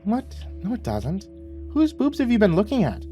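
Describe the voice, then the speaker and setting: A man's voice: sits high, huge pitch swings, moderate pace, mellow, soft background music, voice pushed up. Man putting on a scolding young woman. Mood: incredulous. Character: sharp-tongued young woman, road-trip companion.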